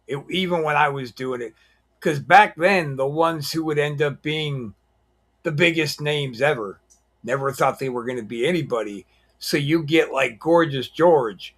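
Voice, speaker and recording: A man co-hosting a casual chat, telling anecdotes and acting out the voices in them. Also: medium pitch. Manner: animated anecdote teller who acts out the voices in his stories. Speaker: podcast co-host.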